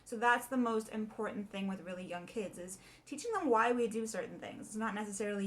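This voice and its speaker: A young adult woman voice teacher explaining warm-ups in a chatty way and singing short demonstrations. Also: mid-range voice, fairly quick, hardly any pauses. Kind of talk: casual video lesson.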